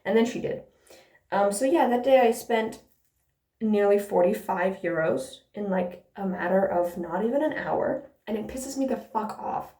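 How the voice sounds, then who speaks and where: A woman's voice: mid-range voice, unhurried, warm tone. A woman vlogger telling a casual, sarcastic storytime rant and swearing freely along the way. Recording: roomy echo.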